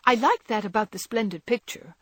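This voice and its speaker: A prim, fussy young girl puts on her most grown-up tone, as a woman reader voices her. Her voice sits higher and swoops expressively, slightly husky, in a dry recording. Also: expressive, a little fast, a bit bright, no echo. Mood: approving.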